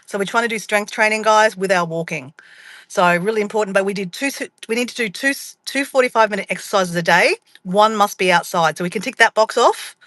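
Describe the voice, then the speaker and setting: A woman's voice: mid-range voice, fairly bright tone, dry recording. An Australian woman chatting to camera from inside her car, rambling and calling her viewers guys. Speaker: vlogger. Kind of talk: casual chat to camera.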